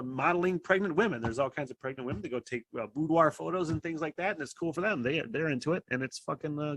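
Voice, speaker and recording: A man's voice: mid-range voice, a bit bright, dry recording. A man hosting a podcast, telling a rambling story in a casual, profane way, full of fillers and laughs. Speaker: podcast host. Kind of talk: casual monologue. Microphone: podcast microphone.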